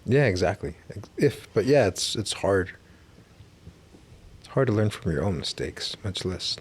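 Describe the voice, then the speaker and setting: A man's voice: fairly low pitch, lively intonation, a little slow, husky. A man co-hosting a casual podcast chat, who laughs often and tells stories with voiced quotes. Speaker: podcast co-host.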